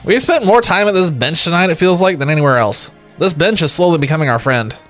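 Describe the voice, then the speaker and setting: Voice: animated, fast talker, a bit bright, soft background music. A young adult streamer giving jokey live commentary while playing a game, swearing casually and humming nonsense now and then. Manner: puts on a squeaky high voice for gags.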